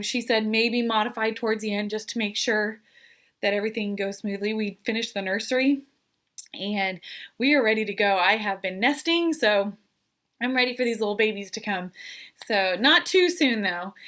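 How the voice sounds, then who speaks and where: A woman's voice: medium pitch, fairly bright tone. A pregnant woman in her thirties giving an earnest, emotional vlog update, hesitant and full of fillers. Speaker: vlogger.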